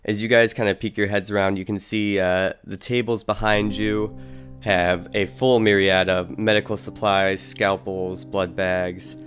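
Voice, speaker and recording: Low-pitched guy narrating a tabletop game as game master, loose and filler-heavy. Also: measured pace, faint music behind. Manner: relaxed, loose narration with many "uh" and "kinda".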